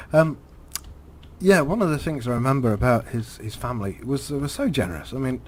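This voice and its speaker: Here a man gives commentary on a driving game as he rambles through a story, stumbling with frequent fillers and repetitions and chuckling now and then. His mid-range voice has lively intonation.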